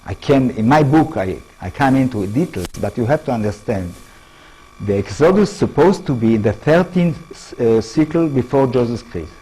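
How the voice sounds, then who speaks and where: A man with an Israeli accent giving a lecture to an audience in halting English, often restarting words and checking in with his listeners. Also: medium pitch, animated, dark tone, slightly rough, rough recording. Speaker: author giving a public talk.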